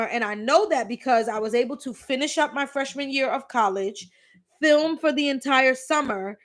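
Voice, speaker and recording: A woman's voice: a little high, fairly bright tone. A woman, hosting a live question-and-answer stream and telling candid stories with emphatic repeats. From the Bronx, New York City. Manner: chatty, candid, tells anecdotes with emphatic repeats. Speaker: host. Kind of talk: live Q&A chat with storytelling.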